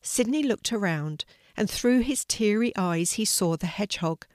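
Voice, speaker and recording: An older woman reads a children's story in a gentle, measured way. Her voice sits at a middle pitch and sounds dry and close to the mic. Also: lively intonation, no echo.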